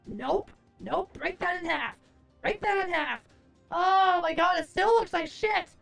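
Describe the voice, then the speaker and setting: High, gravelly-voiced swearing woman streamer. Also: unhurried, fairly bright tone, faint music behind. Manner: profane, rambling, exasperated, answers chat. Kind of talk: casual live-stream chat.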